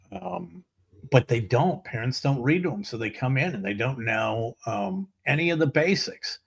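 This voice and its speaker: A man's voice: medium pitch, gravelly, fairly bright tone, breathy edge. A middle-aged man hosting a casual talk show, ranting bluntly with profanity. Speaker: show host. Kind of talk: casual monologue.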